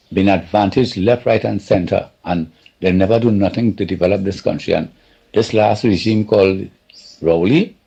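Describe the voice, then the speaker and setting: A caller with a low, gravelly, husky voice rants on air, rambling and indignant. His tone sounds dark and heavy. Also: highs cut off. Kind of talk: phoned-in political rant.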